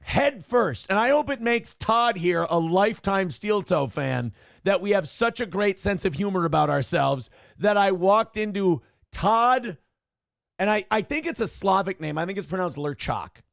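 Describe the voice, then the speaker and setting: A man with a high-pitched voice hosts a casual livestream, reading out chat messages. He is loud and joking, jumping between shouts and low mutters. The sound is dry and close to the mic. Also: expressive, normal speed, gravelly, no room sound. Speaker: show host reading chat donations.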